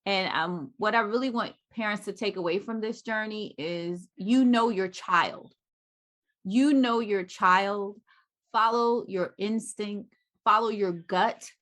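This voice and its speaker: A woman's voice: mid-range voice, takes it slowly, fairly bright tone. A woman co-host of an interview show, asking questions and summing up with affirming remarks. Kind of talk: podcast interview.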